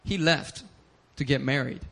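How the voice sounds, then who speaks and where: A man preaching a sermon as pastor, telling stories animatedly with bursts of shouting and laughter. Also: medium pitch, a little slow, gravelly.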